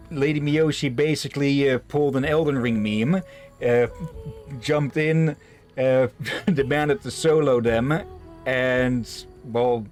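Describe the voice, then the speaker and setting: A man's voice: mid-range voice, a little mellow. A man casually chatting with friends while streaming a game, reading its text aloud and swearing now and then. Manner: rambling, swears casually, many fillers.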